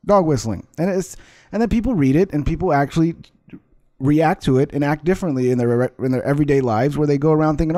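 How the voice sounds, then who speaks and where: A man's voice: on the high side, quick pace, mellow, dry recording, studio quality. A man hosting his own vlog, ranting with sarcasm and constant swearing as he reacts to clips. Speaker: vlog host. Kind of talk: profane ranting commentary.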